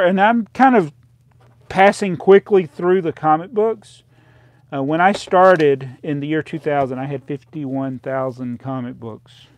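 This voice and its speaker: A man's voice: on the high side, dry recording. Man rambling over old sale prices. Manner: rambling, reading out prices, laughing at himself. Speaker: live stream host. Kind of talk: casual live stream chat. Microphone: close desk microphone.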